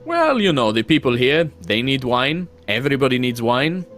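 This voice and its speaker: A man voicing a cheerful traveling wine-seller in a lively, sly manner. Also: medium pitch, moderate pace, faint music behind. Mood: jovial.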